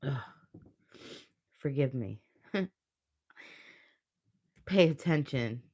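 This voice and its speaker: A woman reading tarot cards on a livestream, with a slightly low voice and an unhurried, deliberate pace. She talks bluntly and earnestly, cursing freely as she pushes the listener to change. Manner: blunt, profane, motivational; earnest, emotional. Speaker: tarot reader.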